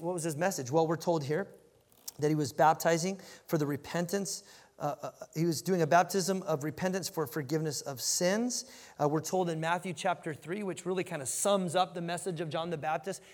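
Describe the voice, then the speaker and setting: A man preaching a sermon as a pastor, animated and emphatic, often repeating words as he builds a point. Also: a little high, a little fast, big-room sound.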